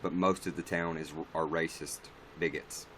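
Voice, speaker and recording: A man's voice: very deep voice, fairly even intonation, normal speed, fairly bright tone, a little hiss or hum. A man chatting casually on a livestream, answering viewer comments in a blunt, rambling, profane way.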